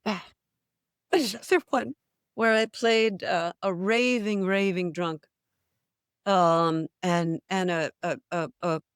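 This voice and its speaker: The older woman's voice sits on the low side and flows smoothly, recorded at studio quality with no echo. An actress from New England, she's a guest in a casual interview, telling stories with energy and laughing often.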